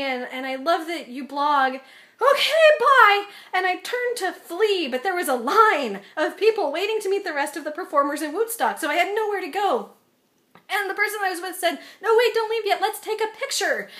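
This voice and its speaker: A woman's voice: very high-pitched, a bit bright. A young woman vlogging casually, telling a self-deprecating story and acting out the quotes in it.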